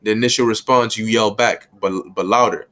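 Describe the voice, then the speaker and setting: A man giving a conversational Bible lesson in casual street slang, breaking into quick little acted scenes. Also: on the low side, steady tone, pushed and bright. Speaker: bible teacher.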